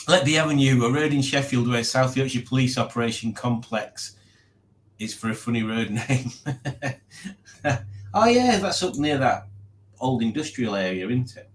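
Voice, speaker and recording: A man hosting a casual livestream, rambling and reading out viewer comments. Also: medium pitch. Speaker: livestream host.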